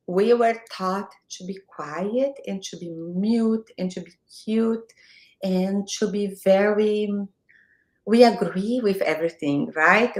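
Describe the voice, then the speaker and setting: A woman with a Brazilian Portuguese accent speaks in a mid-pitched voice, giving direct, emphatic advice as a guest. Her voice carries the echo of a reverberant room heard through a video call. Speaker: guest, marketing mentor. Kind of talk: motivational interview talk. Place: home, morning video call.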